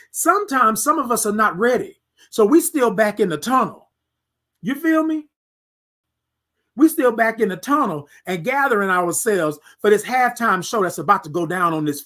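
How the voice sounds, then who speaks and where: A podcast host giving a motivational monologue, full of emphatic, repeated rhetorical questions, talking straight to the listeners and at times gently coaxing themself by name. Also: medium pitch. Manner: speaks to self by name, soft and coaxing in places.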